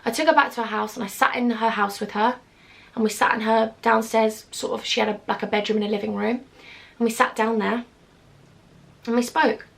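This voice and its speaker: A woman's voice: fairly high pitch, steady tone, a little fast, creaky, fairly bright tone. A young woman telling a personal story in a storytime vlog, emotional and rambling, with many "like"s. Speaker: vlogger.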